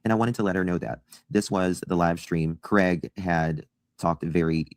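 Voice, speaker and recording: A man calmly and insistently reading out an email he sent, correcting claims about himself. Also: sits low, normal speed, no echo, studio quality.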